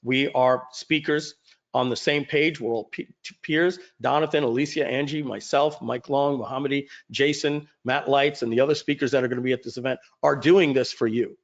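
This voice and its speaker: A man's voice: medium pitch, normal speed. A man telling a personal story to his audience as an event speaker and host, acting out the dialogue as he goes. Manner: animated storyteller who acts out dialogue. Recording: dull lo-fi audio.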